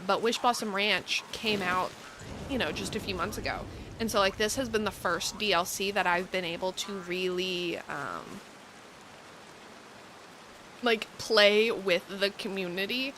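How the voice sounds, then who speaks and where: A woman's voice: medium pitch, noisy background. A young woman from the United States chatting in a rambling way, with plenty of ums and likes, as she streams a cozy game. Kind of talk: casual live-stream chat while playing.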